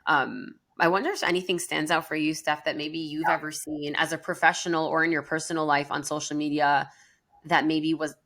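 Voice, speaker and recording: Low-voiced woman counselor chatting. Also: flat delivery, fairly quick, a bit bright. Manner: earnest, chatty, many fillers. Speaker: podcast co-host, counselor. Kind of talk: casual podcast conversation.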